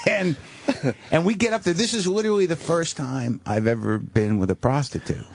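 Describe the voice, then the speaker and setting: A man's voice: medium pitch, sing-song, normal speed, background noise. A middle-aged man who is a guest comedian, telling a rambling, self-deprecating story in a radio studio, full of restarts. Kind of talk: casual storytelling. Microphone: studio microphone.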